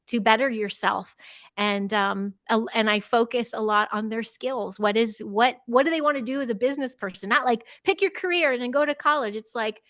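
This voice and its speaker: Podcast guest: middle-aged woman, high-ish voice, expressive storyteller who does kids' voices, close dry sound. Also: dry recording. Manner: animated storyteller, acts out children's voices, laughs often. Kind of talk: casual interview chat.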